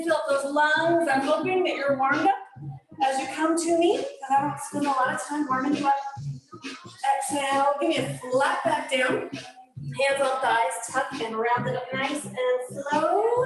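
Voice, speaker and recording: Woman, fitness instructor, high voice, encouraging, chatty cues, counting reps, very echoey room, music playing. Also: unhurried. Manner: encouraging, talkative, gives step-by-step cues. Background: workout music.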